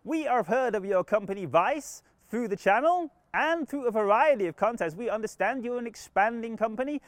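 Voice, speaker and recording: A man's voice: very high voice, expressive, normal speed, dry recording, clean studio sound. A man channeling a benevolent alien collective, speaking in earnest, formal new-age pronouncements. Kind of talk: channeling session.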